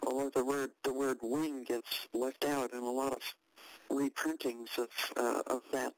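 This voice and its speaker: An older woman recounting a past event in an interview, halting and measured with many fillers and restarts, and a wry, dry understatement. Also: a bass voice, little pitch movement, background noise.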